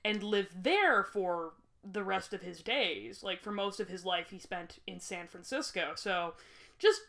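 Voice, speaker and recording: A woman's voice: mid-range voice, measured pace, gravelly, fairly bright tone. A young woman hosting a podcast, telling a history story in a rambling, jokey way and laughing often. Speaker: podcast host. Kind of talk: casual chat.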